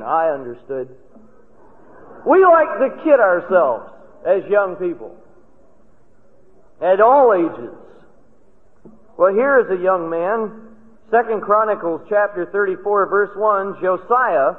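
Older guy preaching, folksy storyteller, kinda high voice, tinny phone-like sound. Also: animated, moderate pace. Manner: folksy storytelling, rising to emphatic stresses. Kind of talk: sermon with personal stories. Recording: tinny lo-fi recording in a reverberant hall.

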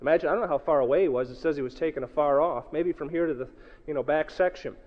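A man preaching a sermon to a congregation, swinging from loud to hushed and acting out the people he quotes. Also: fairly high pitch, quick pace. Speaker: pastor. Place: church hall. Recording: dull, echoey hall recording.

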